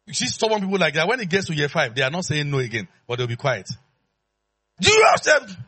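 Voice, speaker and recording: A man preaching a sermon in an animated, playful way, calling out to the congregation. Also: a little high, very fast, husky. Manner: animated and playful, acts out dialogue, calls out to the congregation.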